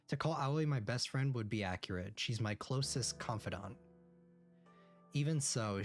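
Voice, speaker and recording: Man reading a visual novel aloud. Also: medium pitch. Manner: narrates in first person, breaks off for quick reactions. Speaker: streamer.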